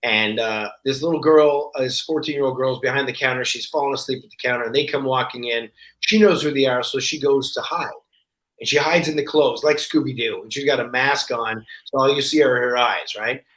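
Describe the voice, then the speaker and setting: A man talking as a podcast guest in casual chat, telling stories in an animated way and acting out the voices of the people in them. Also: medium pitch, a little fast. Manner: animated storyteller, acts out quoted voices. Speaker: guest actor. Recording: roomy echo.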